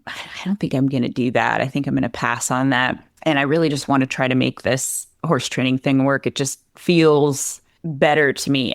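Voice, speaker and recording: A woman's voice: a bass voice, dry recording, studio quality. A woman guest on a podcast, a horse trainer, chatting casually and acting out the voices of people she quotes, with lots of fillers. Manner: animated, acts out quoted voices, many fillers. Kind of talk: casual conversational storytelling.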